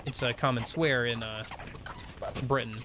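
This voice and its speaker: A man's voice: mid-range voice, fairly even intonation, unhurried. An American man giving casual, wry commentary while streaming a video game.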